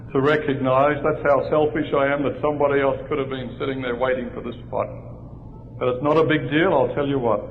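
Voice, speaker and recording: A man's voice: medium pitch, slight background noise. Man preaching a story in a hall. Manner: lively anecdotal storytelling with humor. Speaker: pastor. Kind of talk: sermon storytelling. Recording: dull lo-fi recording in a large reverberant hall.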